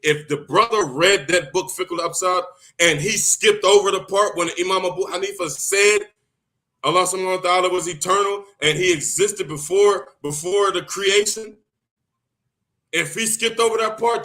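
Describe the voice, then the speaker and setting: A man talking loudly and excitedly in a solo monologue, often repeating himself for emphasis. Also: high voice, moderate pace. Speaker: video host giving religious advice. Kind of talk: impassioned solo monologue to camera.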